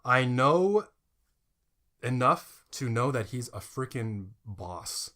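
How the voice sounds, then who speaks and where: A man's voice: mid-range voice, very animated, slow pace, fairly bright tone. A man co-hosting a podcast in casual chat, joking with his co-host and reading passages aloud.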